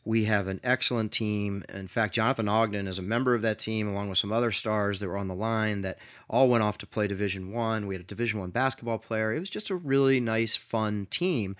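A middle-aged man hosting an interview and telling a story in an earnest, animated way, with frequent restarts. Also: lowish voice, a little fast, hardly any pauses, smooth, no room sound, clean studio sound. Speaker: podcast host.

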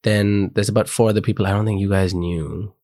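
A man in his twenties from India with an Indian accent, telling animated stories in a casual chat among friends and laughing often. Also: fairly low pitch, brisk, dry recording, clean studio sound.

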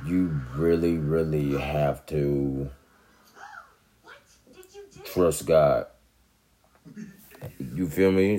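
A vlogger with a bass voice and darkish tone chats casually to the camera in a laid-back, rambling way. He keeps checking in with viewers by asking "you know what I'm saying."

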